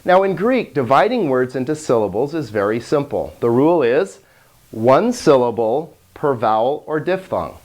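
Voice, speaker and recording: Playful Greek teacher with lively pitch. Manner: playful, chuckles at own jokes; slow, deliberate word-by-word pronunciation drills. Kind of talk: video lesson on Greek pronunciation.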